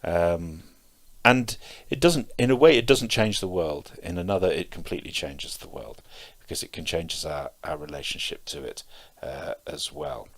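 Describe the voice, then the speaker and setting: A middle-aged man giving a Zen dharma talk, telling stories in a hesitant way with many pauses and fillers. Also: sits low. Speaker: Zen teacher.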